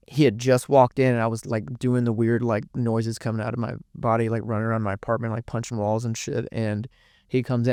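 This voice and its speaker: A man's voice: mid-range voice, a little mellow, no room sound, studio quality. A young man, telling a painful family story as a podcast guest in a rambling, emotional way, with many restarts and curse words. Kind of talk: candid personal storytelling.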